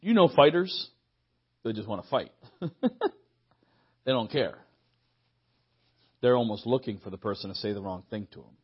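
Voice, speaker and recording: Young male pastor, storytelling sermon style, husky tone, muffled church recording. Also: lowish voice, moderate pace, long pauses. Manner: lively storytelling, acts out dialogue, laughs often. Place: church hall.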